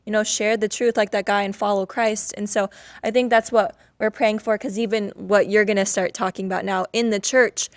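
A woman's voice: medium pitch, flat delivery, moderate pace, no echo. A woman co-hosting a church interview show, speaking in a chatty, earnest way with many fillers. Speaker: co-host. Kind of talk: casual interview chat.

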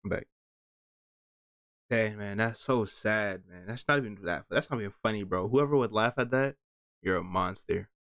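A young man giving slangy, animated reaction commentary into his camera, swinging from mock outrage to high squeals. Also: normal speed, dry recording, studio quality. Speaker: meme video creator.

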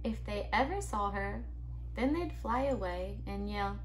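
A woman reading a picture book aloud to her child at home, in a gentle, expressive bedtime storytelling manner. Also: mid-range voice, unhurried, a little hiss or hum, low-quality recording.

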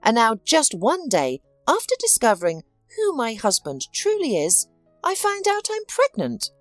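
A woman's voice: fairly high pitch, wildly swooping pitch, unhurried, no room sound, soft background music, pitched above the performer's own voice. A woman reading as a weary, betrayed wife. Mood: sad. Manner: weak, sad, resigned.

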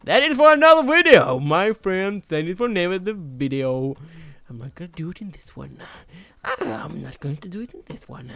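A young adult gamer with a Swedish accent, giving giggly, shouty commentary while playing and talking to the game characters. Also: medium pitch, very animated, normal speed. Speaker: let's play gamer. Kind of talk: excited gameplay commentary.

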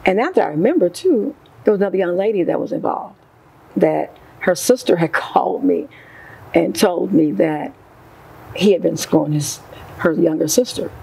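Woman, middle-aged, gravelly, husky, emotional animated storytelling, interview guest. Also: fairly low pitch, normal speed, poor audio. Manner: emotional, animated retelling with quoted voices.

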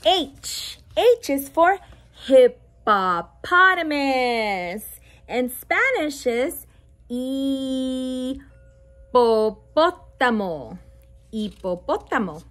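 Reading a bilingual picture book aloud to toddlers, this woman speaks in a high, sing-song, fairly bright voice. She emphasizes each letter slowly, sound by sound, and throws in playful animal noises.

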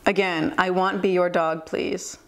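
A young American woman talks casually to her viewers, reading out strange messages with a dry, amused tone. Her voice sits a bit low for a woman, and her delivery is chatty and loose, full of little fillers. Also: fairly even intonation, moderate pace. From United States. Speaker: YouTuber and English teacher.

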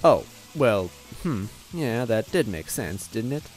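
A man's voice: medium pitch, sing-song, slow pace, soft background music. A man putting on a sly old witch turtle woman. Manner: sugary with sudden snapping. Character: old female witch turtle, sly, fake-sweet, cackling.

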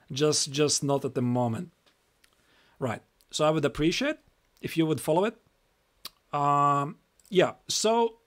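A man's voice: on the high side, a bit bright. Chatty Latvian man teaching chess on stream. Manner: chatty, repeats phrases, reads moves aloud. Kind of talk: live-stream chess lesson.

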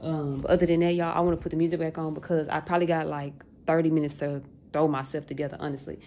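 This is a woman in her late twenties talking casually to her viewers, full of folksy slang. Her voice sits low and has a gravelly, fry-heavy texture. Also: level tone, quick pace, mellow, a little hiss or hum. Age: late 20s. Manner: chatty, talks straight to viewers, folksy slang. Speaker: vlogger.

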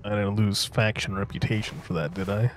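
A man's voice: on the low side, fairly even intonation, a little fast, faint music behind. A man streaming a video game, chatting casually, joking and tripping over his words. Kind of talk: casual live-stream gaming commentary.

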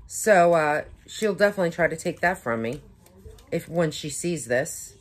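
A young woman beauty vlogger unboxing makeup in a casual vlog, gushing with excitement and gasping over each item. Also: low voice, moderate pace. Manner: gushing, breathless excitement with frequent gasps.

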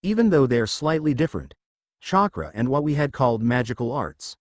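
A man's voice: mid-range voice, big pitch swings, brisk, no echo, natural voice. A man voicing a female dragon spirit who explains lessons, in a fan fiction reading. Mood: eager.

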